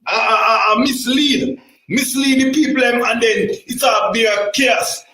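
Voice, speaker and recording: A man's voice: very high voice, a little slow, bright, forceful tone, echoey room, poor audio. A Jamaican man arguing heatedly in a call-in debate, emphatic and repetitive, stumbling over restarts.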